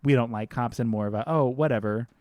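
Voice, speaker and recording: A man co-hosting a podcast, chatting casually and acting out characters in quick quotes. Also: mid-range voice, darkish tone. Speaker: podcast co-host. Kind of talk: casual chat.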